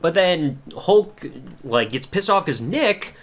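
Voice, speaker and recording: A man hosting a podcast, recapping episodes in a casual, profane, rambling way and slipping into quick mimicked voices. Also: a little high, big pitch swings, a bit bright. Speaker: podcast host.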